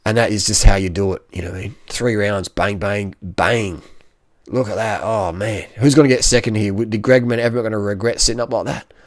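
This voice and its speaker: A man commenting casually over race footage in an excitable, slangy way, full of exclamations. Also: lowish voice, brisk, no room sound, clean studio sound. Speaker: cycling vlogger.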